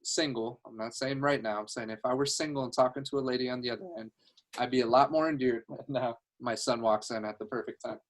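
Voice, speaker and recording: A man's voice: mid-range voice, fairly even intonation, fast talker. A man coaching a sales team on a video call from home, upbeat, laughing easily and restarting his phrases, talking into a headset.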